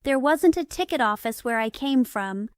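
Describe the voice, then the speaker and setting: A polite, anxious young girl, voiced by a woman reading aloud speaks earnestly and a little impatiently. The voice is slightly high and close-miked. Nothing is done to disguise it. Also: animated, moderate pace, clear, resonant tone, no echo.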